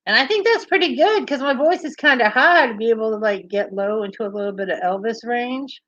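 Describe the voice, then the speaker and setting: Her fairly high, fairly bright voice moves at a fairly quick clip as she hosts a livestream, cheerfully chatting with viewers, laughing a lot and engaging with live comments in a bubbly way. The audio is dull but free of echo.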